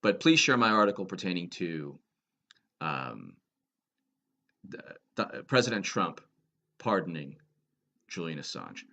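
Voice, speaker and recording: Animated sarcastic male political commentator. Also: low-pitched, unhurried, long pauses, muffled recording. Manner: sarcastic, asks rhetorical questions; emphatic.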